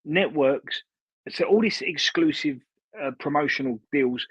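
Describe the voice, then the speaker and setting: A man's voice: a little high, measured pace, fairly bright tone, breathy edge, dry recording. A man co-hosting a podcast, laying out his argument point by point in casual chat. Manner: earnest, lays out arguments point by point. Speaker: podcast co-host. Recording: dull, lo-fi remote mic.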